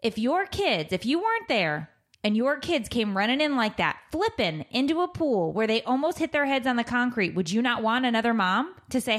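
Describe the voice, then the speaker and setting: A woman in her thirties co-hosting a casual chat show, telling a story about her kids with lively energy and raising her voice when she acts out what she said. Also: fairly high pitch, moderate pace. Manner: animated, loud when quoting herself. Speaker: podcast co-host, mother.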